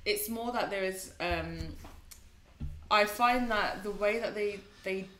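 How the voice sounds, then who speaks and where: A woman's voice: medium pitch, takes it slowly, fairly bright tone, slight background noise. A woman chatting about films as co-host, often restarting her sentences as she thinks aloud. Her mid-range voice carries a noticeable room echo. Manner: hesitant, restarts, conversational. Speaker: podcast co-host. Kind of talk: casual film review chat. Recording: roomy echo.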